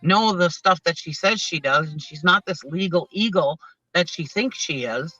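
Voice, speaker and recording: A man's voice: a little high, animated, normal speed, bright, forceful tone, dry recording, dull audio, faint music behind. A man co-hosting a casual commentary chat, mocking and gossipy in tone.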